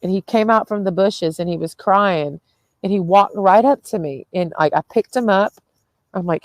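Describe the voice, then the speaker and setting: A woman's voice: mid-range voice, normal speed, dry recording. A young woman talking in a rambling, casual vlog, tired with a headache, swearing freely and laughing often between sentences. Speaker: vlogger.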